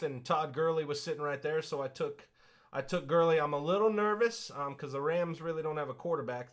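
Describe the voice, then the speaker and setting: A man co-hosting a casual sports podcast, telling stories in a playful, exaggerated way. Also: medium pitch. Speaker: podcast co-host.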